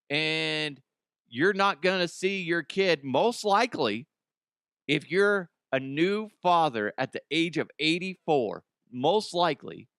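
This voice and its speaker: Man, comedic news host, slightly high voice, dry close sound, blunt and rambling, laughs a lot. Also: a bit bright, clean tone, dry recording. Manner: rambling, swears, laughs at own jokes; casual, blunt, frequent restarts.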